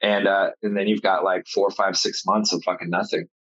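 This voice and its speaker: A man's voice: low voice, flat delivery, normal speed, a bit bright, breathy edge. A man telling stories in casual chat, swearing freely. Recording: dull lo-fi sound.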